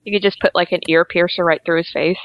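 A woman co-hosts a casual comedy podcast, giggling and letting her thoughts trail off. Her voice sits a little low, and the recording is dry and a bit muffled. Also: steady tone, quick pace, dry recording. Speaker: podcast co-host.

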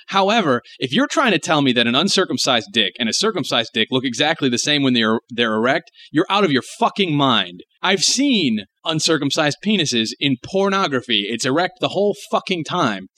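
A young man with a bright, sharp voice, co-hosting a podcast in crude casual chat. He rants with heavy profanity and pushes his points hard. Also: on the high side, sing-song, moderate pace, hardly any pauses, dry recording. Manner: profane, emphatic ranting. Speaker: podcast co-host.

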